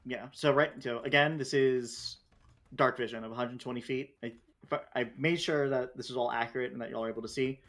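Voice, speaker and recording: A man's voice: mid-range voice, steady tone, brisk, a bit bright. A man running a tabletop game as game master, talking loosely with lots of fillers and restarts.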